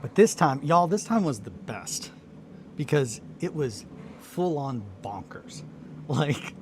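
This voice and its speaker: A man's voice: fairly high pitch, big pitch swings, takes it slowly, noisy background. A tired man hosting a casual hobby livestream from his home workshop, telling a story in a rambling way with restarts and fillers. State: tired, just woken up.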